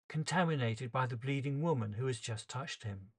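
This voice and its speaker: Male storyteller, mid-pitched, earnest and emotional in a first-person dramatic monologue. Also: moderate pace, few pauses, husky. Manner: earnest, emotional, shifts pace with the tension.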